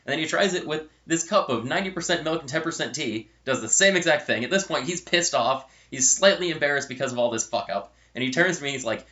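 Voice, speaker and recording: A man's voice: a little high, animated, fast talker, few pauses, sharp tone, highs cut off. Chatty young man telling a story. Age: young adult. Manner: chatty and rambling, with self-correcting asides. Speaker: storyteller and channel host. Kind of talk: casual storytelling vlog.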